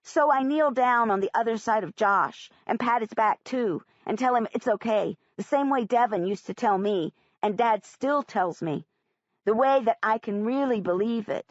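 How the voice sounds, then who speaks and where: A woman narrating a first-person audiobook in an expressive, plain-spoken way. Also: fairly high pitch, moderate pace, no room sound. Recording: dry, slightly muffled audiobook recording.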